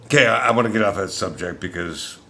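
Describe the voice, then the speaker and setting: A man delivering an angry, profane political rant as a vlogger, shouting at times. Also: on the low side, fast, creaky, a little hiss or hum.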